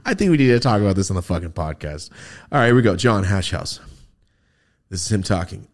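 Podcast host guy, lowish voice, swears a lot, laughs thru his stories, pitch all over the place. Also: brisk. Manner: profane, animated, laughs often while telling stories. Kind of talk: casual comedic storytelling.

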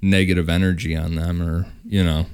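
A man with a very deep, clear voice who tells a ghost story at an easy pace. He stops now and then with "uh" to find the words. It is a laid-back podcast chat. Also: fairly quick. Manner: relaxed, with fillers and restarts. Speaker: podcast host. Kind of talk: casual storytelling.

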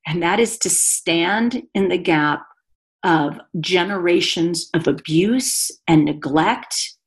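A woman's voice: on the low side, takes it slowly. A woman guest telling a personal story on a podcast in an earnest, confessional way. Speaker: guest author and speaker.

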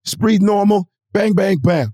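A man's voice: high-pitched, a little slow, dark tone, no echo, clean studio sound, pitched above the performer's own voice. A man putting on the voice of a blunt, profane male boxing coach who scolds a beginner. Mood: scolding. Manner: barking, profane, impatient.

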